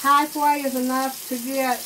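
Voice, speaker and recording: Appalachian woman, high-pitched, rambling homey chat, a bit off-mic, faint noise behind. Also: level tone, a little slow, distant mic. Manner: chatty, rambling, teasing. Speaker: cooking show host. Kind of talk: casual cooking demonstration. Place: home kitchen.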